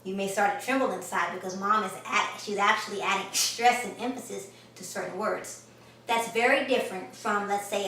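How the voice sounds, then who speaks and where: A woman's voice: mid-range voice, pushed and bright, recorded from a distance, slight background noise. A woman giving an online grammar lesson, emphatic and enthusiastic, speaking straight to the viewer. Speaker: grammar teacher. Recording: echoey room, voice from off-mic.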